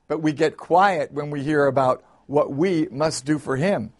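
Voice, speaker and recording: A man, a pastor hosting his show, preaching a sermon and telling a story in an animated, folksy way. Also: fairly high pitch. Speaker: pastor and host.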